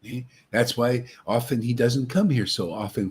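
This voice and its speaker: A man's voice: medium pitch, normal speed, few pauses, husky. A man preaching to a devotee meetup, taunting and confrontational, often ending phrases with "man" and "see?". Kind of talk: impassioned street-style preaching.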